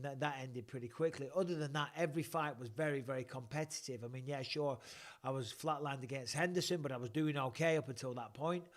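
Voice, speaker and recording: A man hosting a casual chat, a retired fighter talking bluntly and swearing freely, often restarting his sentences. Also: medium pitch.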